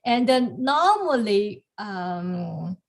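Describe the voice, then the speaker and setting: Slow, halting woman teaching calligraphy. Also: medium pitch, big pitch swings, creaky. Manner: halting, many fillers and restarts, soft laughs. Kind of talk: online lesson demonstrating strokes. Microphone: video call.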